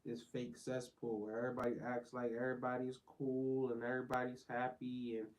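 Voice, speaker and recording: A man's voice: mid-range voice, fairly even intonation, a little fast, hardly any pauses, a little mellow, low-quality recording. A man in casual chat who talks emphatically, laughs along and speeds up when he gets worked up.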